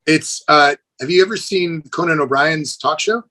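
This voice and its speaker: Poor audio captures a middle-aged American man whose voice runs high and whose pace is moderate. He's a fitness trainer guesting on an informal podcast, an excited, lively storyteller who says "dude" to the interviewer.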